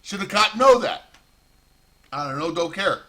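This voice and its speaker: A man's voice: high-pitched, expressive, unhurried, sharp tone. A man telling a rambling, profane prison story in a casual monologue.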